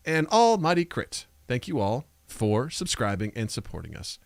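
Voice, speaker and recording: A man's voice: high voice, big pitch swings, a little fast, a bit bright, no echo, studio quality. A man hosting a casual podcast, goofy and self-mocking as he talks with guests. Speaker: podcast host.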